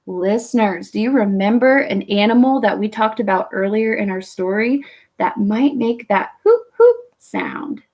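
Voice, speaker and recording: A woman reading a picture book aloud to children, gently asking her listeners questions along the way. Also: mid-range voice, normal speed. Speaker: children's storyteller.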